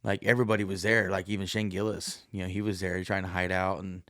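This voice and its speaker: A man's voice: low-pitched, level tone, fast, a bit bright, no echo, clean studio sound. A man hosting a podcast, talking in a profane, meandering casual monologue and acting out quoted voices. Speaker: podcast host.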